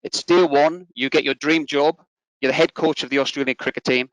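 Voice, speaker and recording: A man's voice: mid-range voice, fairly even intonation, a bit bright, no echo, low-quality recording. A man hosting an interview, reading a formal introduction and asking structured questions in an orderly way. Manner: measured, orderly, reads out credentials. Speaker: interviewer, host.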